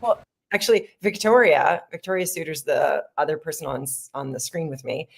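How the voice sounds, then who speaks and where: Middle-aged lady rambling about her sketch shoot, husky low voice. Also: fairly quick. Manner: chatty, rambling, laughs often. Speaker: sketch comedy creator and lead actor. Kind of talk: casual behind-the-scenes chat.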